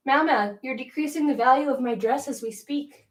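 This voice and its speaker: Far from the mic in a roomy spare room at home, a young woman livestreams casually in a high-pitched voice at normal speed. She chats away, giggling and laughing often.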